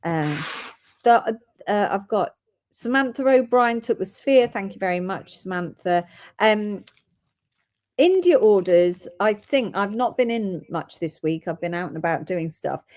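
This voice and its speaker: A woman's voice: medium pitch, lively intonation, a little slow, darkish tone. A woman hosting a live gem sale, chatting and reading out orders and codes.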